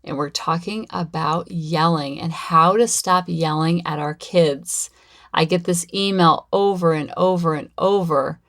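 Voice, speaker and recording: A woman with a fairly low voice hosts her own parenting podcast alone. She talks casually and keeps an upbeat, rambling flow, circling back over the same points again and again. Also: a little slow, fairly bright tone. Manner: chatty, rambling and upbeat, with lots of repetition. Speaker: parenting coach and podcast host. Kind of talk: casual solo podcast talk.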